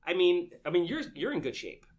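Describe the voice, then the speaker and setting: A man's voice: high voice, very animated, fairly quick, a little mellow, highs cut off. A man with a nasal voice, hosting a podcast in brash, joking chat. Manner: brash, joking salesman patter. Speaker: podcast host. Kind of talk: casual interview chat.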